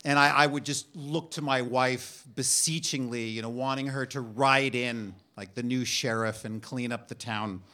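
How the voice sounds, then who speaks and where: A middle-aged man telling a funny personal story on stage, halting and self-deprecating with frequent restarts. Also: medium pitch, fairly even intonation, sharp tone.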